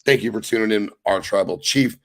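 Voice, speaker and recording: A young man hosting a casual wrestling recap podcast, talking with excited, profane emphasis. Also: on the low side, fairly quick. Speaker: podcast host.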